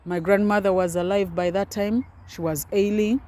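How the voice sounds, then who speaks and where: A woman in her forties, a doctor, tells her own story with passion and emphatic repetition. Her voice sits at a middle pitch, with a faint hum of ambience behind it. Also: steady tone, moderate pace, a little mellow. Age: 40s. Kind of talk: personal testimony talk.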